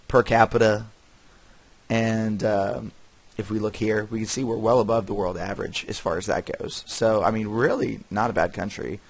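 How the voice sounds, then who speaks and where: Low-voiced man rambling over gameplay. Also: slightly rough, no echo. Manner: rambling, self-correcting, wry asides and chuckles. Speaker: gaming channel host. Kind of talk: casual gameplay commentary.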